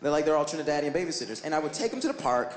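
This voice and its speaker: A man doing a stand-up comedy set, animated and swooping into high exclamations, on a stage before a live audience. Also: racing. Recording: echoey live room, loud audience ambience.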